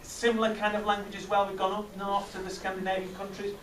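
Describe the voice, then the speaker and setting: Male teacher, middle-aged, lively and questioning; distant mic, roomy echo. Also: sits high, quick pace, a crowd in the background. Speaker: teacher leading a maths master class. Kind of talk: classroom teaching with questions to pupils. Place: classroom. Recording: echoey classroom from far off, noisy.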